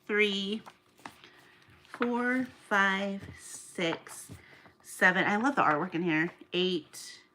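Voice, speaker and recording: A chatty woman talks to her viewers as she works, teasing herself and counting things aloud. Her voice sits at a middle pitch. A steady noise hums under the recording. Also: very slow. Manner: chatty, self-mocking, counting aloud while packing. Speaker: small online shop owner. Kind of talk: casual vlog chat to viewers.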